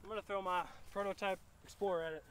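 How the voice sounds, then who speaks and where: A young man, chatting excitably to viewers as he narrates his own disc golf round outdoors. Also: high voice, fast, a little hiss or hum. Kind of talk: casual play-by-play self-commentary.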